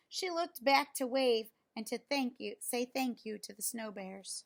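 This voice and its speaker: Slow-reading woman storyteller. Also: fairly high pitch, lively intonation. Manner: gentle, slow, pausing to ask questions. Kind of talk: reading a picture book aloud.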